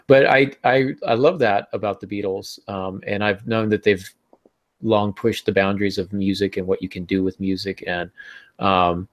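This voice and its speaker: A man co-hosting a podcast about writing, chatting casually, cracking easy jokes and speaking haltingly with many fillers. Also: lowish voice, fairly even intonation. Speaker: podcast co-host.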